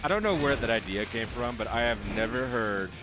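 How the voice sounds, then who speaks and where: A man's voice: medium pitch, brisk. A young man with a light Texan accent, casually rambling and swearing while commenting on a video game. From Texas. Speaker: gaming YouTuber. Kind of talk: let's play commentary. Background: game music.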